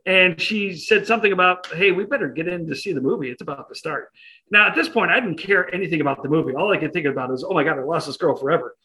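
A man spins a self-deprecating anecdote, acting out the voices of the people in it. His voice is bright and sits a little high. He speaks in a relaxed interview setting. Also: fast, rough recording. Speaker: interview guest. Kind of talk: casual storytelling.

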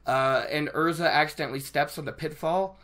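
A book vlogger talking casually to their viewers, excitable and rambling, often restarting sentences and laughing at themself. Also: medium pitch, brisk. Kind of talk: casual book discussion to camera.

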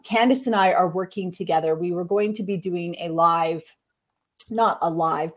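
A woman hosting a spiritual podcast, chatting in an upbeat, talkative way. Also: lowish voice. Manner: chatty, upbeat, quick laughs. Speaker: podcast host. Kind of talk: casual podcast chat.

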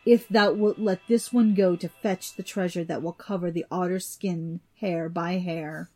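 A woman's voice: fairly low pitch, steady tone, measured pace, dark tone, soft background music. A woman voicing a grave, commanding elder god. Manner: solemn, archaic speech.

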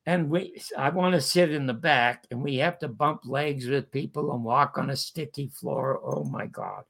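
An older Canadian man with a mid-range, creaky voice speaks at a moderate pace as an interview guest. He tells a long anecdote in lively fashion, acting out the voices of the people in it.

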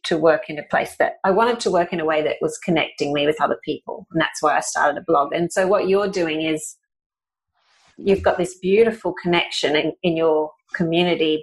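A woman's voice: low voice, low-quality recording. A woman hosting a casual podcast interview, affirming the guest with frequent "mm" and "yeah" and asking open questions. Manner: warm, encouraging, lots of affirming "mm" and "yeah". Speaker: podcast host.

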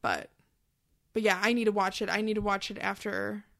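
A woman's voice: mid-range voice, little pitch movement, normal speed, gravelly, fairly bright tone. A woman with a mid-range voice co-hosts a casual podcast. She rambles and uses lots of fillers. She swears now and then. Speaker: podcast co-host. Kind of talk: casual chat.

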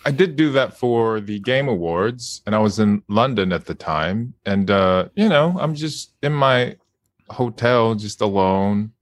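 A man's voice: lowish voice, expressive, measured pace, dry recording, clean studio sound. A man guest voice actor in a casual interview chat, laughing often and speaking hesitantly with many fillers.

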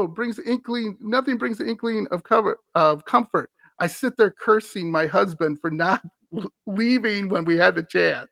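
A man's voice: sits high, normal speed, gravelly, a bit bright, dry recording. A man hosting a podcast, reading a scary story aloud and breaking off for wry, amused asides. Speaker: podcast host.

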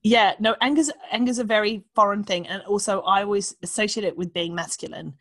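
A woman talking candidly as a guest, frank and animated, swearing freely and acting out the voices she quotes. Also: mid-range voice, brisk, no room sound. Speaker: podcast guest. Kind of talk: candid conversational chat.

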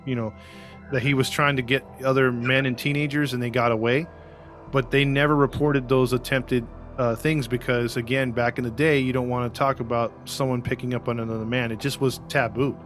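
A man's voice: mid-range voice, fairly even intonation, a little fast, faint music behind. Chatty man hosting a podcast. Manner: chatty, acts out quotes in put-on voices. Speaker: podcast host. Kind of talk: casual true-crime podcast chat.

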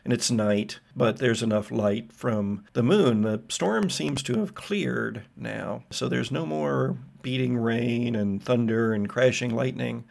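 A man's voice: mid-range voice, takes it slowly, vocal fry, hardly any pauses, a little mellow. A man narrating vivid scenes as game master of a tabletop role-playing game. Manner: vivid descriptive storytelling.

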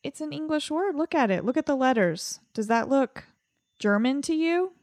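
A woman co-hosting a podcast in casual banter, playful but quick to defend herself when teased. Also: sits high, expressive, a little mellow, dry recording. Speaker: podcast co-host.

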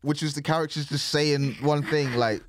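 A man's voice: fairly high pitch, steady tone, moderate pace, dry recording, clean studio sound. A man co-hosting a podcast, rambling through casual chat with slang and restarts. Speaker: podcast co-host.

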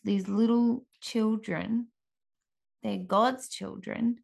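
A woman in her thirties, a mother, giving an earnest, gentle devotional talk with frequent restarts. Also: medium pitch, creaky.

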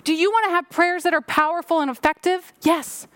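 A woman's voice: extremely high pitch, a little fast, fairly bright tone, no echo. A woman pastor preaching a sermon, rising and falling for emphasis and slipping into prayer.

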